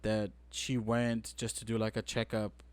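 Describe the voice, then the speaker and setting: Young man, podcast co-host, casual chat, animated storytelling, loud acted-out quotes. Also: lowish voice, a little slow, smooth, dry recording.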